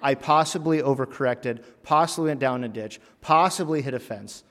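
A man of middle pitch preaches in a sermon, building into loud, emphatic bursts and then falling back quiet. He tells a funny personal story along the way. His voice trails off into a long hall reverb. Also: normal speed.

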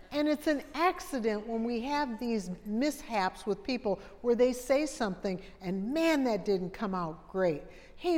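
A woman's voice: mid-range voice, darkish tone. A middle-aged woman giving a humorous, folksy talk at a women's conference, speaking straight to the audience. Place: large hall with an audience. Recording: long hall reverb.

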